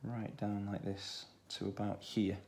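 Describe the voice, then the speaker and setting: A man with a Stoke-on-Trent accent, talking through a children's drawing tutorial in a relaxed way, thinking aloud as he draws. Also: lowish voice, a little slow, creaky, slight background noise. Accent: Stoke-on-Trent English. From England. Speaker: art tutor.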